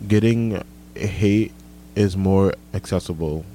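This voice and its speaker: A young man with a very low, dark voice, chatting casually as a host. He talks in a relaxed way, with lots of "like" fillers. A faint hum sits behind him. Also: slow. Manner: relaxed, filler-heavy, says "like" often. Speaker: host reading listener comments. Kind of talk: casual chat.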